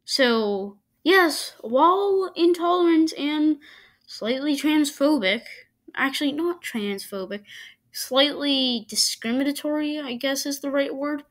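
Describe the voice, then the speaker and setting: A woman giving casual reaction commentary to videos, arguing her points with frequent stops and restarts. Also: high voice. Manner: halting, argumentative, many restarts.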